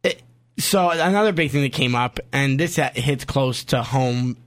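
A man from Canada co-hosting a sports podcast, chatting casually in animated bursts with quick asides. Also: medium pitch. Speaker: podcast co-host.

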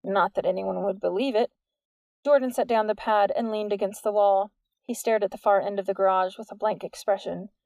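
A woman giving steady, measured scripted narration of a novel into a close studio mic. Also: medium pitch, no echo. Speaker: audiobook narrator.

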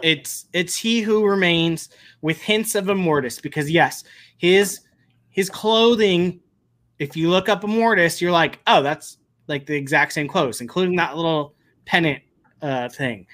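A man hosting a casual podcast, talking in an unhurried, drawn-out way. He gets excitable and rambles, restarting his sentences as he goes along. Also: on the high side. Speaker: podcast host. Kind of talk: casual pop-culture chat.

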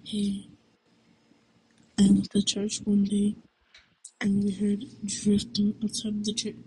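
A woman's voice: mid-range voice, darkish tone, a little hiss or hum, low-quality recording. A woman hosting her own podcast at home late at night, rambling in slangy, self-mocking casual chat. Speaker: podcast host.

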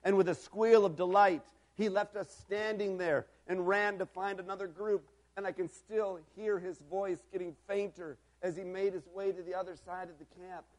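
A man with a high-pitched voice delivers a storytelling sermon. He moves between hushed, reflective passages and loud, emphatic preaching. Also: fairly even intonation, normal speed, few pauses.

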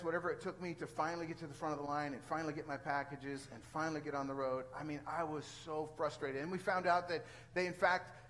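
An older man preaching a sermon, telling a personal story in an animated way with exasperated outbursts and frequent throat clearing. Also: high-pitched, rough recording. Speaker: pastor.

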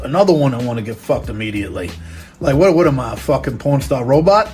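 A man's voice: mid-range voice, expressive, fast, a little mellow, faint music behind. A young man casually telling a crude story, full of street slang and profanity, with frequent "you know what I'm saying.".

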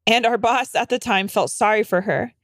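A woman's voice: fairly high pitch, moderate pace, fairly bright tone, no room sound, studio quality. A woman co-hosting a podcast in casual chat, reading out listener stories and teasing her co-hosts with wry asides. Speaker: podcast co-host.

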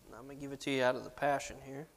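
A man's voice: medium pitch, steady tone, very fast, vocal fry. A man preaching a sermon, reading scripture aloud with rising emphasis and casual asides to the congregation. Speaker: pastor. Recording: long hall reverb.

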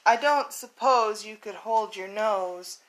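A woman's voice: mid-range voice, takes it slowly, fairly bright tone, rough recording. A woman voicing a sad, polite crocodile in a picture book, asking wistfully.

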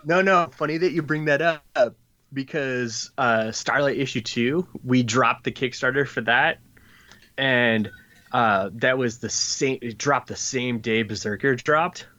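The man's voice is bright and forceful, medium in pitch, and unhurried. He's a comic book creator on a podcast, casually rambling through a story with plenty of fillers and acted-out voices, recorded in slightly dull lo-fi.

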